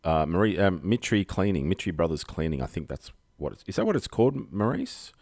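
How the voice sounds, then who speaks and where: An Australian man hosts a rambling solo livestream from home, joking and mocking himself into a desk microphone with plenty of fillers. His deep, gravelly voice has a darkish tone and a sing-song lilt, and he talks a little fast. The recording is dry and studio quality.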